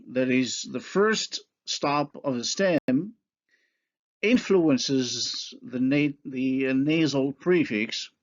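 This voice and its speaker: A man giving a recorded linguistics lecture, who carefully sounds out each example word. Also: medium pitch. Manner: slow, deliberate, carefully sounds out example words. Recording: dull lo-fi recording.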